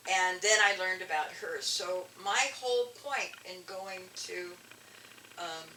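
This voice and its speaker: An older woman, a guest elder and artist, telling animated stories in an interview with frequent restarts. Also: medium pitch. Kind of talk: storytelling interview. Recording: echoey room, distant mic, faint ambience.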